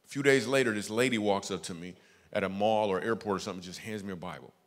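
A man doing stand-up storytelling as a guest comedian, lively, acting out the voices of people in his stories. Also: lowish voice, fast talker. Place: church stage before a live audience. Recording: echoey church hall.

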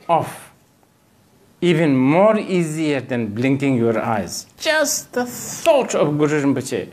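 A man giving a dharma talk as a Buddhist teacher. He rambles, hunts for words, and fills the gaps with "you know," with gently humorous asides. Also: a little high, big pitch swings, slow pace. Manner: digressive, searching for words, frequent "you know".

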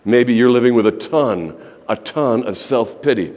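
In a large church sanctuary, a male pastor preaches to his congregation with emphasis and repetition, building phrases for effect. His mid-range, darkish voice is animated at a normal speed, trailing a long reverb.

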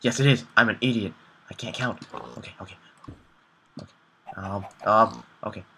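Young male gameplay commentator, low and bright, jittery, frantic repeated words. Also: steady tone, normal speed, slight background noise.

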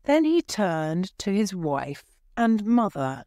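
A woman narrating a graded-reader audiobook in clear, deliberate storytelling. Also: mid-range voice, very animated, mellow, dry recording, studio quality.

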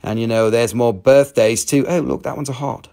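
In a creaky, dark voice of medium pitch, steady and moderately paced, a middle-aged man from Western North Carolina runs a laid-back live stone sale. He jokes and wanders off topic, sometimes affecting a mock Italian-French accent.

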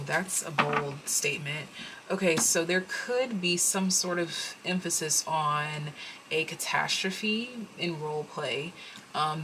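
A woman's voice: lowish voice, background noise. A woman giving a casual tarot reading to her viewers, thinking aloud and rambling with many fillers. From United States. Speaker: tarot reader.

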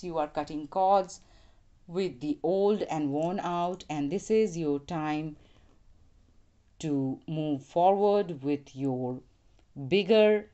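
A young woman reads tarot cards for a viewer in a slow, reassuring manner. Her voice sits slightly low, and she lets words draw out gently as she lays each card down. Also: highs cut off. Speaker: tarot reader. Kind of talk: one-card tarot reading addressed to viewers.

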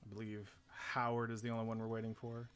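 A man's voice: on the low side, monotone, fast, a bit bright. A man hosting a casual charity game stream, humming filler syllables while he sets things up. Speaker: stream host. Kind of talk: casual gaming stream chat.

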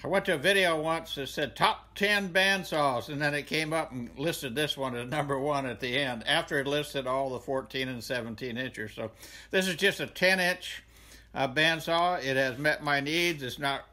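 An older man with a Southern accent giving a rambling, folksy tour of his home garage workshop, pausing often with "uh". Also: mid-range voice, bright, forceful tone. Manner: rambling, folksy, many "uh" pauses. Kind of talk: casual tool tour.

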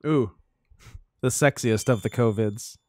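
A man's voice: medium pitch, unhurried, a little mellow. A man playing a co-op game in casual chat, joking, swearing and cheering his partner on. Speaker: co-op gaming partner.

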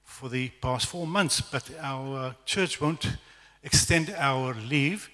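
A South African man voicing an earnest, excited middle-aged pastor's wife, breathless and hesitant. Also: medium pitch, slow. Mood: eager. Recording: echoey church hall reverb.

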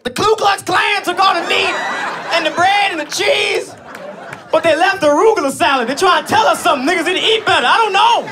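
A man voicing a distraught middle-aged store manager who sobs and shouts. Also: extremely high pitch, fairly quick, a crowd in the background, noisy background, pitched above the performer's own voice. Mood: frantic. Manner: wailing, shouting, crying out.

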